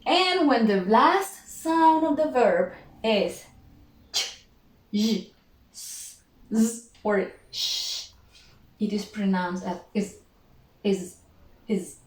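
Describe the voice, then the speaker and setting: A woman teaching English pronunciation, repeating each word and sound slowly and carefully. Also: on the high side. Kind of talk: pronunciation lesson. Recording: echoey room, faint noise.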